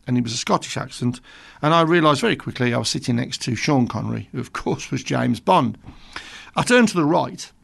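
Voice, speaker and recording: A man's voice: medium pitch, animated, a little fast, vocal fry, a bit bright. A man in his sixties from Birmingham, a radio presenter chatting between songs and telling a rambling story with self-amused asides. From England. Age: 60s.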